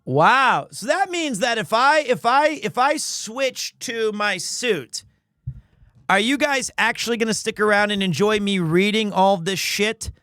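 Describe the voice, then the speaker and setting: A young male streamer with a high, lively voice that swings widely as he jokes with chat. He talks casually and teases himself, recorded dry and close to the mic. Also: a little slow, no echo. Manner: animated, joking, self-deprecating.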